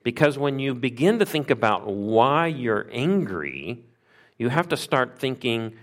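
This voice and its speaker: A man's voice: medium pitch, big pitch swings, a little slow. A middle-aged man preaching a sermon in a conversational way, asking his listeners questions and acting out quoted voices. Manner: conversational, asks the congregation questions. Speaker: pastor.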